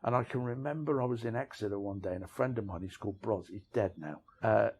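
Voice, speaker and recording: Out on city streets, a middle-aged author being interviewed rambles frankly through stories of his past, poking fun at himself and repeating "you know what I mean." His voice is lowish and darkish with a breathy edge, and he talks quickly.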